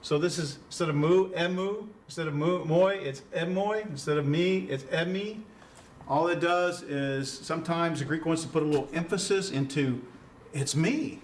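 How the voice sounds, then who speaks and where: A man's voice: a little high, normal speed, far from the mic, slight background noise. A man teaching an introductory Greek class in a conversational lecture style, quizzing students and chuckling at his own puns. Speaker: Greek instructor.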